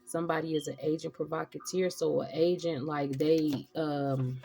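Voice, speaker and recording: A woman's voice: low voice, steady tone, moderate pace, vocal fry, dark tone, faint music behind. A woman giving a casual tarot reading, rambling and profane with streetwise slang. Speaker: tarot reader.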